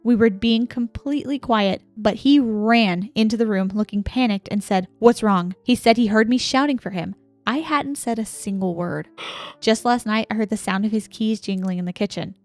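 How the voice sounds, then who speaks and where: Calm woman reading ghost stories. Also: mid-range voice, normal speed, dry recording, faint music behind. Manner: calm, reserved reader, laughs easily. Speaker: podcast co-host reading listener stories. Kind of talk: casual chat and reading stories aloud.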